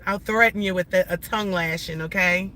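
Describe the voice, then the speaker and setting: A woman's voice: on the low side, fairly even intonation, a little fast, pushed and bright, slight background noise. A woman in her forties livestreaming to her viewers, talking bluntly and emphatically in slangy, rambling speech with lots of restarts. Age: 40s. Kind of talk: casual livestream talk to viewers. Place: in or near a vehicle in traffic.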